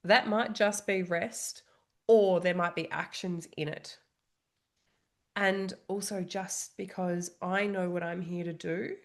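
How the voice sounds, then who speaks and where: A woman in her thirties, a trauma coach, talking candidly and reflectively to camera, openly vulnerable, with frequent "you know" and "like". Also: on the low side. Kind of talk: candid solo monologue.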